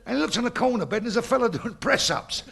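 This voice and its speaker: Loud gravelly Cockney comic on stage. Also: male voice, very high voice, expressive, fast. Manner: loud, laughing, acts out characters in the jokes. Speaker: stand-up comedian. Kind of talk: bawdy stand-up joke telling. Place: pub stage before a crowd.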